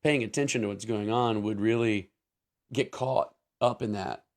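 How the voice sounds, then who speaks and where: A man's voice: fairly low pitch, steady tone, moderate pace, gravelly. A man co-hosts a casual talk show and laughs easily. He makes sarcastic asides, then lays out the details one step at a time. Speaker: co-host.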